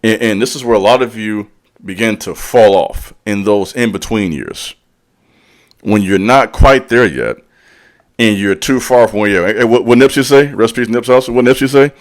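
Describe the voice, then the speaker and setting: At a normal pace and fairly low pitch, a man who hosts a channel and speaks on spiritual topics gives a blunt motivational monologue. He preaches in casual slang, calls out the listener directly and repeats lines to stress them.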